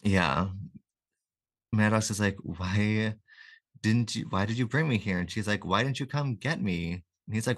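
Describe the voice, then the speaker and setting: A man co-hosting a podcast, casually recapping comic issues and slipping into quick quoted lines with chuckles. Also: on the low side. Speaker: podcast co-host.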